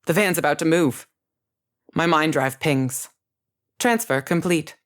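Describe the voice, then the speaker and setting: A woman narrating a first-person story in a measured, scripted reading. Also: sits low.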